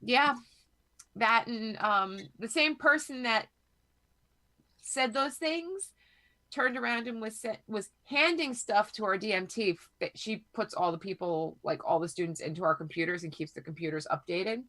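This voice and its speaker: A woman in her thirties, hoarse from a cold, chatting as a podcast co-host and telling rambling, profane stories. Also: mid-range voice, normal speed, sharp tone. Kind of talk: casual chat.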